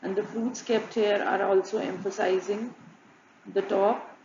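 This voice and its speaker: A woman narrating a student design presentation, listing examples in a flat, repetitive way. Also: medium pitch, measured pace, gravelly, a little hiss or hum. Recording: muffled, echoey room with faint ambience.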